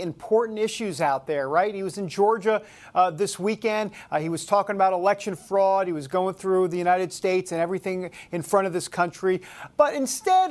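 A man hosting a talk show, reading headlines aloud with sarcastic disbelief. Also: sits high. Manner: sarcastic, incredulous, mocking headlines. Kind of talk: casual news commentary.

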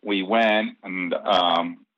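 Drawing out his words, a man in an interview relates a personal story casually, acting out the dialogue and laughing as he goes. His voice is fairly low, and the recording is dry, dull, slightly lo-fi, and echo-free.

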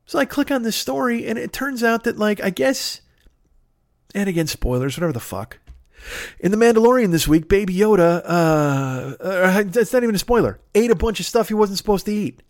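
A man hosting a podcast, ranting in a casual comedic monologue, swearing constantly and jumping into sudden high-pitched outbursts. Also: animated, brisk, dry recording, clean studio sound. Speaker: podcast host.

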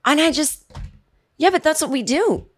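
A woman in her forties hosting a podcast, telling a rambling comedic story in a chatty way and mimicking her family with shrill yells. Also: expressive, normal speed. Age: 40s. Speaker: podcast host. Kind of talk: casual comedic monologue.

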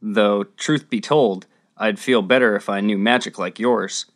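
A woman's voice: extremely low pitch, unhurried, voice pushed down. A woman voicing Max, a nervous young boy squire who puts on a brave, earnest manner. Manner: earnest, boyish bravado.

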